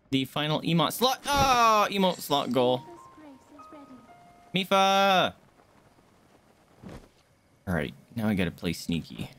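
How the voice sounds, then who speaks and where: A young man streaming a game, chatting casually with viewers, excitable, swearing, jumping from hushed asides to loud outbursts. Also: fairly low pitch. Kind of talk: casual gameplay commentary.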